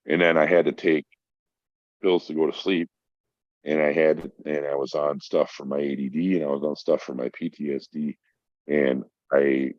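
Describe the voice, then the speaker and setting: A man's voice: very deep voice, no echo. A man, a podcast guest who works in mental health, tells a story in a casual, emphatic and profane way. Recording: dull lo-fi dry sound.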